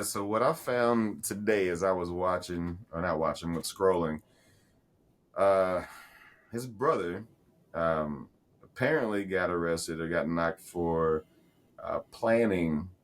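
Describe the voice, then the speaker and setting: Deep-voiced, profane podcast co-host. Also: male voice. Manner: profane, rambling storyteller with many restarts. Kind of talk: casual chat.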